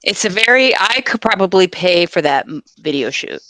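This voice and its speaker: A woman's voice: fairly low pitch, animated, normal speed, fairly bright tone, dry recording, poor audio. A woman co-hosting a podcast in casual chat, making dry, wry remarks. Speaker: podcast co-host.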